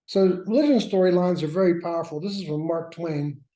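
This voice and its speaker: This man teaches a workshop class in a brisk, warm voice that sits high. He lectures with wry, self-mocking asides, and the recording has a roomy echo.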